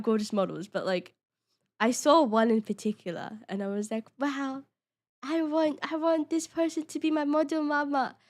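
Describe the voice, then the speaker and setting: A young woman streaming as a VTuber, chatting casually with her viewers in a giggly, excitable way, often restarting and stammering. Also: a little high. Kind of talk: casual live-stream chat.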